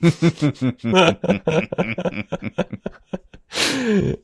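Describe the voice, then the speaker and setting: A man's voice: on the high side, sing-song, drawn-out words, gravelly, slightly rough, dry recording, studio quality. A man co-hosting a podcast, chatting casually and telling funny anecdotes with laughs and restarts. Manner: storytelling, laughing, hesitant restarts, mimics voices in anecdotes. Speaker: podcast co-host. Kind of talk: casual chat.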